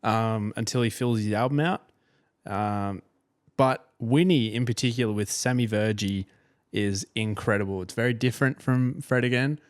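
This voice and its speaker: A man's voice: on the low side, moderate pace, dry recording, studio quality. A young Australian man co-hosting a music podcast, joking and swearing in casual banter. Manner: cheeky, sweary, jokey. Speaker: podcast co-host.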